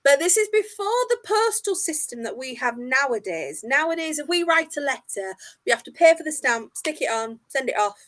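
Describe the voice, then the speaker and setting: A woman's voice: sits high, big pitch swings, normal speed, few pauses, a bit bright. A woman tour guide telling a history story in a jokey, self-mocking casual chat, a little tipsy. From England.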